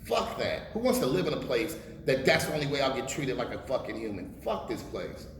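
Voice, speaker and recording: A man's voice: mid-range voice, expressive, brisk. A man in his forties, a rapper being interviewed, talking bluntly and emphatically with a lot of swearing. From United States. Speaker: rapper guest. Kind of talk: casual interview talk. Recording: echoey room with long reverb and faint hiss.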